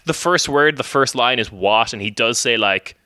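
A man's voice: medium pitch, normal speed, sharp tone, no echo, studio quality. A man, rambling casually as a podcast guest with lots of fillers and restarts.

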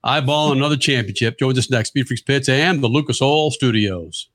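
A man's voice: mid-range voice, normal speed, a bit bright. A man hosting a motorsports radio show, joking and teasing his co-hosts in casual studio banter.

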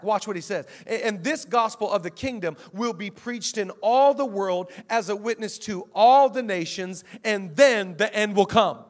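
A man pastor preaching a sermon to a congregation, emphatic and energetic, with shouted peaks and call-outs to the audience. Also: high-pitched, moderate pace. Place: church auditorium before a live congregation.

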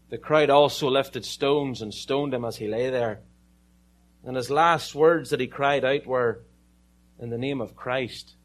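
Man, Irish accent, sermon, storytelling, dramatic pauses, joking asides. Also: mid-range voice. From Ireland. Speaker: preacher.

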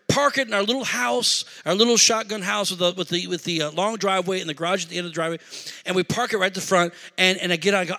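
A man preaching a sermon through a personal story, animated, shouting at the high points and dropping low for asides, in a large hall. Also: quick pace. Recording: echoey hall reverb.

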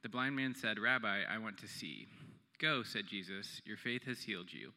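Man reading scripture in a bright, echoing hall. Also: fairly low pitch, animated. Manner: measured, plain reading aloud.

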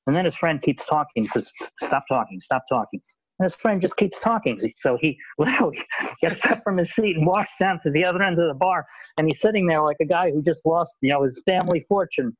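A man's voice: fairly high pitch, no room sound. A man talking in a loose, rambling way, stumbling over repeated words as he goes. The sound is dull and lo-fi, with little room around it. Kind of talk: casual conversation. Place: Los Angeles.

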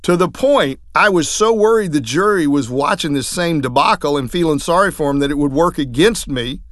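A man, a trial lawyer, telling courtroom stories in a lively way, acting out what others said. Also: fairly high pitch, brisk, no room sound, studio quality. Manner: lively, acts out quoted voices. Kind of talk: anecdotal storytelling talk.

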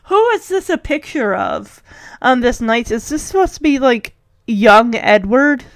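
A woman voicing a suspicious, nosy woman friend in a higher, prying tone. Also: very animated, measured pace, no echo.

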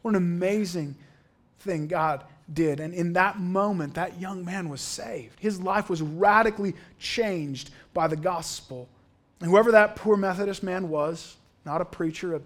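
A man preaching a sermon in a church, telling a story and reading its quotes aloud with drama. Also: fairly high pitch. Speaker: pastor.

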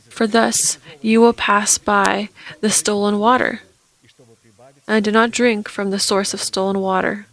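Woman, sermon, monotone delivery, Scripture readings, loud emphatic bursts. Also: mid-range voice, poor audio. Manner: earnest preaching with Scripture readings, rising loud at emphatic points. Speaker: preacher.

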